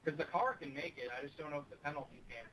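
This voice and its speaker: A man as a driver in a sim race, asking fast, rambling questions. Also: on the high side, a bit bright, a little hiss or hum, low-quality recording.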